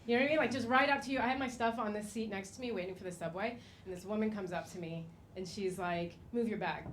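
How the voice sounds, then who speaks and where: A woman's voice: mid-range voice, fairly even intonation, fast, slight background noise. A woman of Egyptian origin performing a casual stand-up comedy routine, swearing and telling stories. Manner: casual, swearing, storytelling with quoted voices. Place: comedy club stage.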